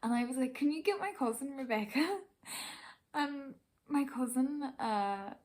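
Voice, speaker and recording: Fast-talking Irish young woman vlogger. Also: high-pitched, animated, darkish tone. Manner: fast, chatty, laughing often, swears casually. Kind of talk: casual storytelling.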